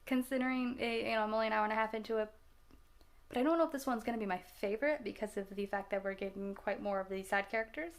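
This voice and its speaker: A woman in her twenties with a slightly high voice talks fast as she chats casually about movies she just watched for her film-reaction vlog. She rambles, laughs a lot and keeps restarting her sentences.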